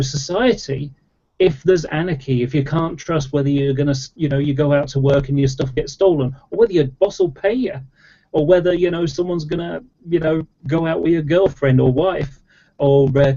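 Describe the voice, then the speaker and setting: In a casual online chat, a debater explains at length, his rambling full of fillers and restarts. His voice is mellow and a little high, with a steady tone at normal speed, and the recording sounds dull and lo-fi.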